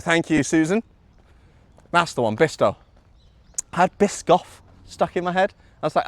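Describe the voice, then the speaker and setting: A man's voice: fairly high pitch, brisk, dry recording. A young man with a Liverpool accent, chatting casually on a live stream, rambling with lots of ums and calling his viewers bro and man. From Liverpool, England. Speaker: IRL livestreamer. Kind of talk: casual live-stream chat reading chat aloud. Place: outdoors in Osaka, early morning.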